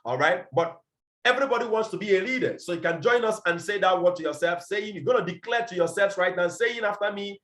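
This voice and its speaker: A man leading his business team in a forceful motivational talk, repeating his points and firing rhetorical questions over a video call. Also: high-pitched, a little fast, roomy sound. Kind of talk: motivational address to an online team meeting.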